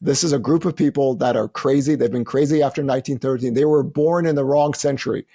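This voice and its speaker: A man's voice: fast talker, dark tone, slightly rough. A man on a podcast, an analyst ranting emphatically and mockingly about a topic he dismisses. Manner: emphatic, mocking, jumps into high-pitched quoted voices. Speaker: lead analyst, podcast regular. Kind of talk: animated podcast rant.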